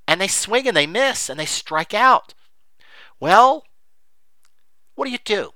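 A man's voice: high voice, big pitch swings, slow, long pauses, pushed and bright, dry recording. A middle-aged man giving an unscripted, emphatic monologue on investing, rambling with many fillers. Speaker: investing commentator.

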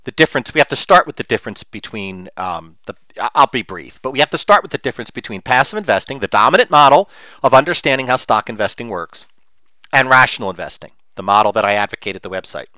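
A man's voice: medium pitch, animated, fast talker, bright, forceful tone, no echo. A man hosting a solo podcast, talking in a rambling, digressive way with chuckling asides. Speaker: podcast host.

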